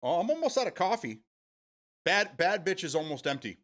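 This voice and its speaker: A man's voice: high-pitched, big pitch swings, a little fast, a bit bright. Rambling, foul-mouthed male streamer. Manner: rambling, swears freely, answers chat. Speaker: live stream host. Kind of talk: casual chat with stream viewers.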